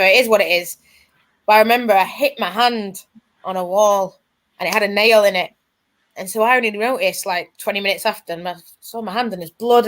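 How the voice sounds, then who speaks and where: A woman, a podcast guest, tells fan stories in casual chat and gets tearful as she talks. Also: mid-range voice. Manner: emotional, tearful storytelling. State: crying.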